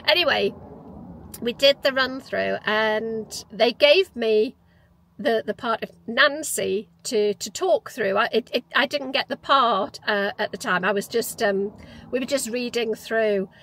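A woman in her fifties talks to camera about her past. Her voice sits a little high, and her manner is reflective and chatty, with false starts and fillers as she gathers her thoughts. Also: a little slow, fairly bright tone, low-quality recording. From Newcastle, England. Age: 50s. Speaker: vlogger. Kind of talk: casual personal storytelling.

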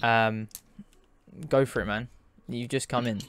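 A man's voice: medium pitch, steady tone, a little slow, fairly bright tone, clean tone. A young man who narrates as game master in a tabletop game, talking in a casual way with restarts and laughs.

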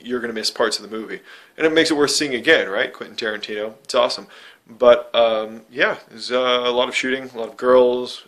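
A man's voice: mid-range voice, fairly bright tone. A man vlogging from his bedroom, chatting to the camera in a rambling, offhand way, with lots of fillers as he reviews a movie. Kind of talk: casual rambling chat.

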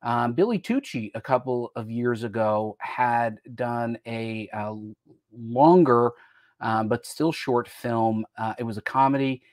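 A man's voice: medium pitch, a little slow, darkish tone, no echo, studio quality. An American man hosting a casual live-stream chat, talking in a rambling way and jumping between topics mid-sentence. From United States. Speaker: host.

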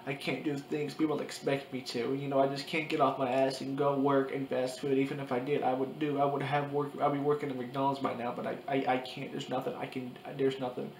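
A young man in his early twenties talking to his camera in a confessional vlog, crying, halting and repeating himself. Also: mid-range voice, little pitch movement, vocal fry. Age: 20s. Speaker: vlogger. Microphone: camera mic. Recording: echoey room with faint background noise.

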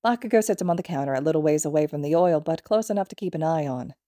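A woman narrating fan fiction as an audiobook, in a calm, even storytelling manner. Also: sits low, very fast, no echo, studio quality. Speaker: podfic reader.

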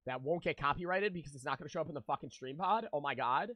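A young man live-streams, chatting loosely with viewers, joking and swearing freely. His voice is a little high and fairly bright, his pace quick, with no room sound.

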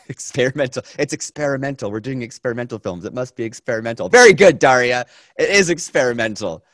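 A man teaching a film class, lecturing in a chatty, energetic way, with many fillers and repeated phrases. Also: medium pitch, fast talker, no echo.

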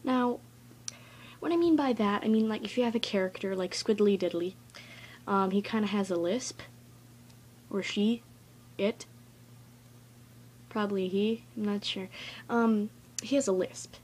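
A woman's voice: mid-range voice, a little slow, pauses often, a little mellow, a little hiss or hum. A woman recording a casual, rambling tutorial vlog in her bedroom, chatty and goofy and easily sidetracked. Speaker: vlogger.

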